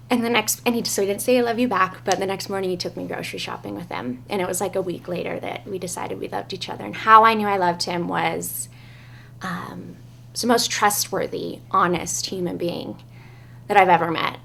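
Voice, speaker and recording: A young adult woman, a bride, earnestly telling her love story and reading her wedding vows, with frequent "um" pauses. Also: mid-range voice, steady tone, creaky, a bit bright.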